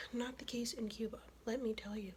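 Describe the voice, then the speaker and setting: A woman's voice: on the high side, steady tone, normal speed, fairly bright tone, slight background noise. Whispering young woman, casual ASMR chat. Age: young adult. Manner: casual, profane, chatty whispering. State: sick. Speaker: ASMR vlogger.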